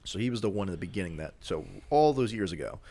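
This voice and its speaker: Young male podcaster, very low voice, casual rambling plot recap. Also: very animated, fast, dark tone. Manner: rambling, many filler words. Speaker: podcast co-host.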